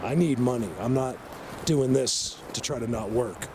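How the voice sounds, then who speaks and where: A man filming an outdoor vlog, talking excitedly in a rambling way, stumbling over and repeating his words into a handheld camera mic. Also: medium pitch, moderate pace. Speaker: outdoor vlogger. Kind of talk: walking vlog commentary. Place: outdoors in wild country. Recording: outdoor noise behind.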